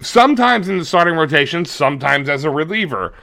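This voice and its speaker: A man in his forties with a high, bright voice and a gravelly edge, talking fast and crude on a podcast. He swears constantly and slips into squeaky voices when he acts out characters. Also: expressive. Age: 40s. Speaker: podcast co-host. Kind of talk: crude casual chat retelling a movie.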